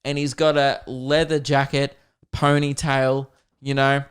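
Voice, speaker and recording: A young man hosting a podcast, telling a comedic story in a casual, animated, self-deprecating way, with plenty of swearing. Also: medium pitch, measured pace, smooth. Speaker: podcast host.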